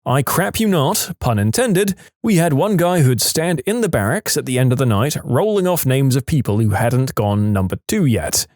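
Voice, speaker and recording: A man's voice: normal speed, hardly any pauses, no room sound, studio quality. A man reading listener stories aloud as scripted narration, lifting his voice for quoted characters. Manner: animated, jumps pitch for quoted voices.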